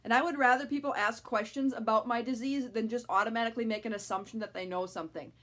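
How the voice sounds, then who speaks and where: A woman's voice: on the high side, steady tone, fast talker, fairly bright tone. A young adult woman talking frankly to camera in a casual vlog, with lots of fillers. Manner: frank, chatty, many fillers. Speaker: vlogger.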